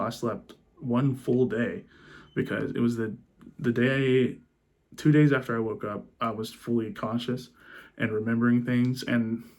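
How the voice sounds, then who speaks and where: A young man telling a personal story in a subdued, halting way, restarting his sentences and choking up at moments. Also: medium pitch. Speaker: vlogger.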